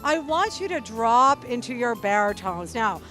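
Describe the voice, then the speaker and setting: A woman hosting a show, coaching her viewers straight to camera in an animated, playful way and acting out little quotes. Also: a little high, a little slow, soft background music. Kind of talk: direct-to-camera coaching talk.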